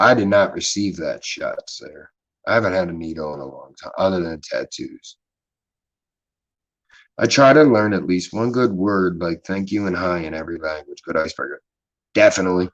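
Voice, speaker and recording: A man's voice: deep voice, moderate pace, dull audio. A man with a Philadelphia accent hosting a casual livestream chat, rambling and swearing freely in a laid-back way. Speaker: livestream host.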